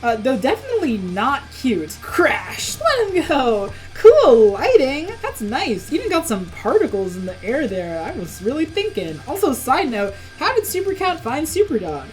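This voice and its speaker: A chatty young woman cartoonist walks through the pages of her comic in a relaxed, self-deprecating way and laughs easily. Soft music plays faintly behind her. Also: sits high, moderate pace, hardly any pauses. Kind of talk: casual commentary on her comic.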